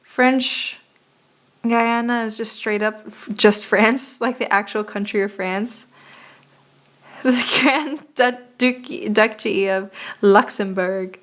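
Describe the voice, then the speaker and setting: A young woman talks her way through a map game on stream, her voice a touch high and her pace slow and drawn out. She swears freely and mutters in exasperation. Her tone stays casual and chatty. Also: steady tone, fairly bright tone. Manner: profane, exasperated muttering while playing.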